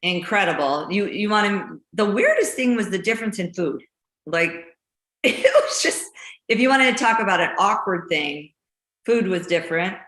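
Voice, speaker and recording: A woman's voice: medium pitch, normal speed, roomy sound. A woman from Idaho chatting as an interview guest, telling stories with frequent laughter. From Idaho, USA. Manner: laughs often, animated storytelling. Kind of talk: casual interview chat.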